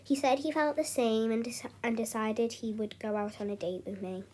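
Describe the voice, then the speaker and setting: A woman's voice: a little high, fairly even intonation, normal speed, a little mellow. A young woman casually narrating a storytime, chatty and loose, often restarting with "anyway, so".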